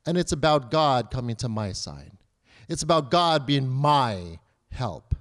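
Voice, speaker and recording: A man in his thirties preaching a sermon in a conversational way, asking rhetorical questions and acting out pleas in a higher voice. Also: sing-song, unhurried, fairly bright tone. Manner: acts out children's and believers' pleas in a higher voice. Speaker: pastor.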